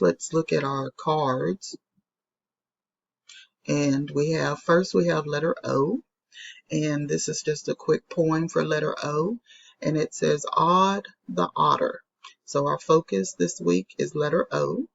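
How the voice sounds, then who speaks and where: A woman's voice: low-pitched, gravelly, husky, muffled recording. A woman teaching a recorded phonics lesson to young children, patiently sounding out letters and repeating them. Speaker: elementary school teacher.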